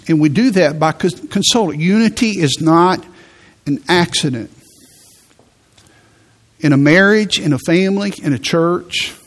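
A man preaching a sermon in a conversational way, repeating words and slowing down for emphasis. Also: on the high side. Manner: conversational preaching with repetitions and slow emphatic phrases. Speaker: pastor.

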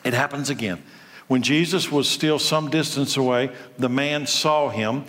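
A man's voice: mid-range voice, a little slow, fairly bright tone. Emphatic male preacher in a reverberant hall. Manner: emphatic, repeating key phrases. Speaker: pastor. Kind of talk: sermon.

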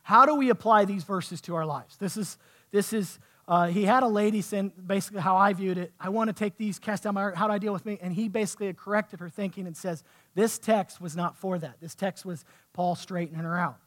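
A pastor with a strikingly high voice delivers a sermon. He talks to his congregation in a conversational way, then builds to fervent, emphatic preaching. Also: brisk, fairly bright tone.

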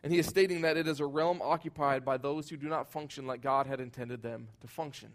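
A man preaching a sermon, earnest and emphatic, his voice swelling loud at high points and sinking soft and low at others. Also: fairly even intonation, fairly quick. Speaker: pastor.

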